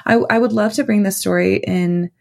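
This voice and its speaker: A woman's voice: medium pitch, fairly even intonation, normal speed, vocal fry. A woman guest on a podcast, telling a personal story in a loose, rambling way full of fillers.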